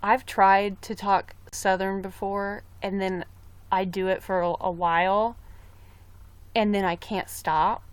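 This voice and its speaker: A woman's voice: medium pitch, flat delivery, slow pace, clear, resonant tone, dry recording. A young woman chatting casually on a live stream, rambling about a trip and reading viewer comments aloud. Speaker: livestreamer.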